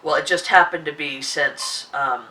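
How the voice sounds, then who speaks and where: A woman hosting a podcast in casual chat, her voice husky and hoarse from a sore throat, rambling with many restarts. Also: a little slow, pushed and bright, distant mic. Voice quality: husky, deeper than usual. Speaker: podcast host.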